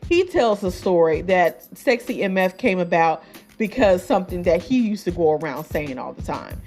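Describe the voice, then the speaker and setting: A woman's voice: on the low side, very animated, normal speed, a little mellow, soft background music. A woman hosting a podcast, reviewing an album in loose casual chat, full of fillers and asides. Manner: chatty, many fillers and asides, laughs at her own jokes. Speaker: podcast host.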